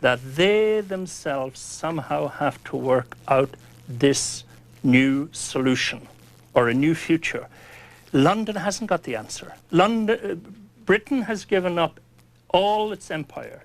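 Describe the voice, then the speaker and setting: A man's voice: a little high, lively intonation, a little slow, vocal fry. A man with a Northern Irish accent, a priest on a televised panel debate, arguing insistently and pressing rhetorical questions. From Northern Ireland.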